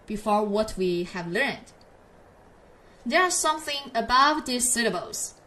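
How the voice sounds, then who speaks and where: A woman teaching pinyin, speaking slowly and patiently in English and drawing out each model sound for learners to copy. Her voice sits a little high, and she leads the class step by step. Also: fairly bright tone. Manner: slow, patient, drawn-out model syllables for repetition. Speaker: Chinese teacher.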